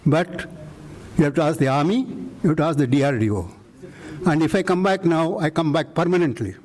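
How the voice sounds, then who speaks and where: A man's voice: on the high side, expressive, a little fast, a little mellow, poor audio. An older man from India recounting his career to a live audience, telling an emphatic story and acting out the dialogue. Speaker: invited speaker recounting career. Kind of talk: live lecture anecdote. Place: lecture hall.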